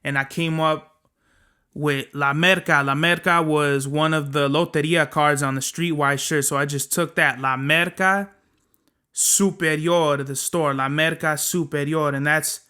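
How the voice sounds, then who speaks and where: A man's voice: fairly high pitch, steady tone, a little slow, sharp tone, clean tone. A young man hosting a solo podcast, talking in a profane, rambling, slangy way. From Southern California. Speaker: podcast host. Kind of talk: casual solo podcast monologue.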